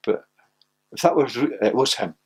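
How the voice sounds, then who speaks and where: Looking back on his days as a footballer, an older Scottish man spins stories in an interview, laughing frequently and performing the quotes. He speaks at medium pitch, a little slowly, in a husky voice.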